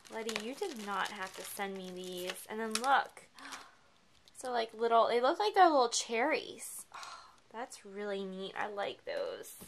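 A woman craft vlogger chatting casually as she unboxes a gift package, gushing and excitable, often gasping with delight. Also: fairly high pitch, vocal fry, noisy background.

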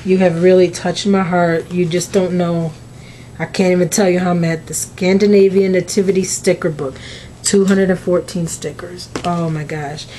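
A woman's voice: on the low side, flat delivery, moderate pace, mellow, slight background noise. A woman, opening mail on a crafting vlog, gushing and emotional, close to tears. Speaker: crafting vlogger.

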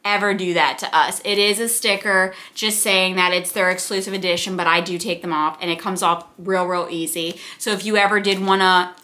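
Bright-voiced gushing woman book vlogger. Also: lowish voice, fairly even intonation, fairly quick, few pauses. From United States. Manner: gushing, chatty, rambling asides. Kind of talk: casual chat.

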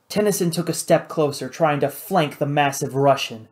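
Guy narrating an audiobook, steady and measured, slightly high voice. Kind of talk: scripted narration.

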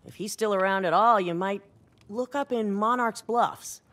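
A woman's voice: medium pitch, normal speed, natural voice. An actress playing a fretful, self-deprecating female quest-giver in a video game. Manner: self-deprecating, lively storytelling. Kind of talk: video game character dialogue.

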